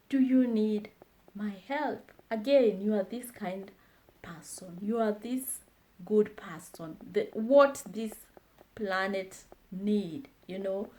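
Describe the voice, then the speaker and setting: Slow-paced woman teaching phrases. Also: medium pitch, darkish tone. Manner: slow, repeats phrases for learners. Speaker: language teacher. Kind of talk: slow language lesson.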